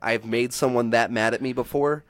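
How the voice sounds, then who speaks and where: A young man, a comedian hosting a casual podcast, telling stories quickly with lots of swearing. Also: medium pitch, dry recording. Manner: fast, animated storytelling with heavy swearing.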